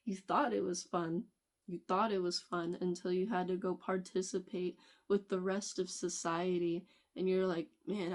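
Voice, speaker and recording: Woman, lowish voice, casual advice vlog, chatty, loose phrasing, laughs often. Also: a little mellow. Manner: talks straight to the viewer, laughing often between points; loose, conversational phrasing with fillers and restarts. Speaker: video creator.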